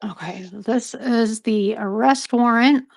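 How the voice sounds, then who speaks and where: A woman's voice: a little high, takes it slowly, gravelly, no echo. A woman hosting a casual true crime discussion who reads from case documents, hesitant and full of fillers, and says she is losing her voice. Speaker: podcast host. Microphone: own microphone.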